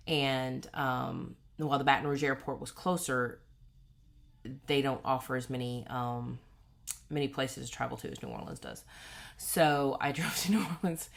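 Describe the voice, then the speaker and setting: A woman's voice: a bass voice, vocal fry. A woman, telling a personal story in a casual, rambling way with many self-corrections. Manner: rambling, self-correcting, acts out quoted voices. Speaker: cross-stitch vlogger.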